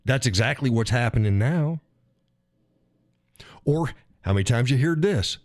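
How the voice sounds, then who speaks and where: A man's voice: medium pitch, a little slow, no echo, clean studio sound. A man hosting his own live stream, talking casually and with a lot of swearing as he acts out frustrated drivers. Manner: profane, animated, acts out quoted drivers. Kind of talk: casual political rant.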